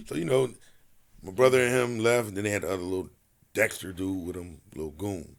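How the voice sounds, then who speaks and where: A man who is a retired boxer, guesting on a podcast and telling a story in an animated, profane way while acting out the quotes. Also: on the low side, fast, creaky, a little hiss or hum.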